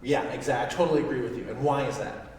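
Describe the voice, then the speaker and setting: A mid-range, slightly mellow male voice talks rapid-fire while teaching a saxophone master class before an audience in a recital hall. Warm and encouraging, he questions the student and sings articulation syllables to show them. Faint noise and heavy echo mark the distant recording.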